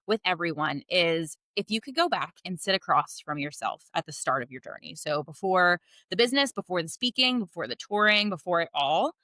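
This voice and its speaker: A woman's voice: lowish voice, expressive, fairly quick, hardly any pauses, bright, forceful tone, no room sound. A woman co-hosting a podcast, reflective and steering the talk toward the close. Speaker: podcast co-host. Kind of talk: casual interview chat.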